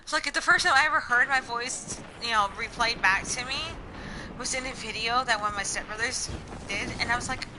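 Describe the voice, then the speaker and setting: A woman's voice: on the high side, a little fast, noisy background. A woman with a slight Southern accent, chatting casually to her viewers in a rambling, stream-of-thought way, full of "like" and "you know". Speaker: vlogger.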